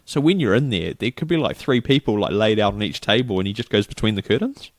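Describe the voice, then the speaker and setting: A man's voice: on the low side, expressive, quick pace, dry recording, studio quality. A middle-aged New Zealand man chatting casually as a podcast co-host, rambling through a story and acting out the people in it. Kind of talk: casual chat.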